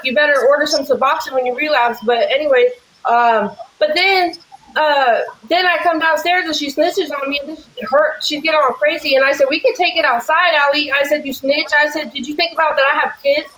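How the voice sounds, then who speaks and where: A woman in casual chat who talks fast and rambles, blunt and profane. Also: high-pitched, a bit bright, echoey room, low-quality recording. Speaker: livestream guest.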